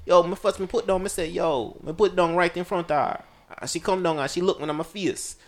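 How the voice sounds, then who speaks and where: A man with a Jamaican accent, chatting casually as a co-host and telling animated stories that slip into patois. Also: sits high, fast. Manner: animated storyteller slipping into patois. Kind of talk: casual chat.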